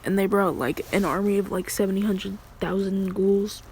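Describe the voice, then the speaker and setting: A woman's voice: medium pitch, fairly even intonation, normal speed, a little mellow, slight background noise. A woman casually retelling a fan story, rambling with crude slang and frequent laughs.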